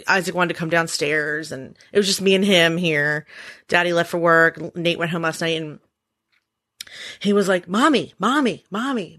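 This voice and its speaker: A woman co-hosting a casual podcast chat, telling animated family stories and acting out the voices in them. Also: fairly low pitch, no room sound. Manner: chatty storyteller, acts out voices in anecdotes. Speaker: podcast co-host.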